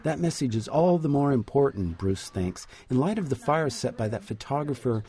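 A man narrating a radio news feature as a reporter, in a measured, reflective way. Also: medium pitch, expressive, mellow.

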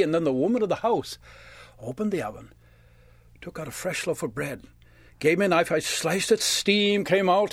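Animated male storyteller, a bit high, dry. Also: gravelly, husky, no echo. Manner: lively, animated, and given to sound effects. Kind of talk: performed storytelling. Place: studio.

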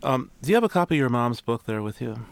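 A man interviewing guests, asking measured, probing questions. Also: medium pitch, animated, creaky. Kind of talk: broadcast interview.

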